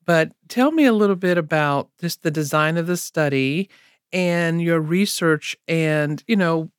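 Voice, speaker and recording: A male radio co-host asks his guest chatty questions, peppered with "you know". His voice sits somewhat high and sounds close and dry in the studio. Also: a little slow, smooth, no echo. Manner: conversational, filler "you know".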